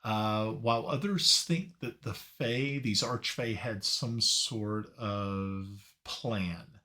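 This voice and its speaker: Slow, halting male game master. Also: on the low side, bright, forceful tone. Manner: halting, searching for words. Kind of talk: narrating a tabletop game.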